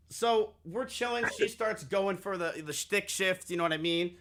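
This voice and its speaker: Speaking directly to his live chat, a male streamer tells a crude, candid story and repeats lines for effect. His slightly high voice is bright and forceful, moving at a moderate pace with hardly any pauses.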